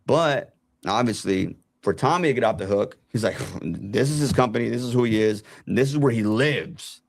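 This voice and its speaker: His mid-range voice has vocal fry and a normal pace as he casually tells a long story about himself. He brings it to life by acting out what other people said. The studio-quality recording has no echo.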